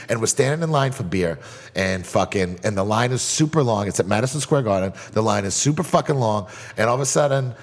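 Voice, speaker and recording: A man's voice: lowish voice, lively intonation, long reverb tail. A man telling a long rambling story in a casual chat, swearing often. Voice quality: fast, profane, rambling.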